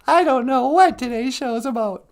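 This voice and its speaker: A man's voice: very high voice, moderate pace, pitched above the performer's own voice. A man voicing a cheerful, giggly female sidekick in a comedy show, chiming in playfully from a little off-mic. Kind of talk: comedic banter.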